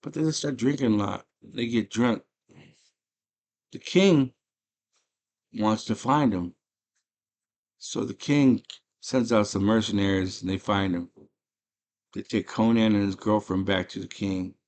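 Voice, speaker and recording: A man casually retelling a movie plot in rough slang, breaking into loud put-on voices for the characters. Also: on the low side, measured pace, pauses often. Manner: rough slangy street talk. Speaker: movie chat host.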